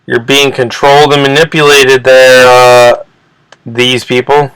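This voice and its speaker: A man rants on his own channel in a profane, rambling way, tripping over repeated words as his indignation builds. His voice sits in an ordinary middle pitch. The sound is dry and close, with no room echo. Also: level tone, a little slow, a bit bright, clear, resonant tone. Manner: agitated, indignant. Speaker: channel host. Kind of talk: ranting commentary video.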